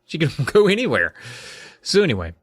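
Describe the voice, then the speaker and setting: A man's voice: fairly high pitch, wildly swooping pitch, a little fast, breathy edge, no room sound. A man co-hosting a podcast, retelling a book's plot playfully with laughs. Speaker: podcast co-host. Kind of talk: casual book recap chat.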